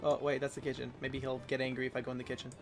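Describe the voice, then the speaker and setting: A man's voice: mid-range voice, monotone, rapid-fire, gravelly, soft background music. A young man giving playful, chatty let's play commentary as a streamer, laughing often.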